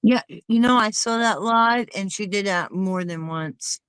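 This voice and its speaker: A woman's voice: mid-range voice, measured pace, clean tone, no echo, poor audio. Indignant woman ranting in casual chat.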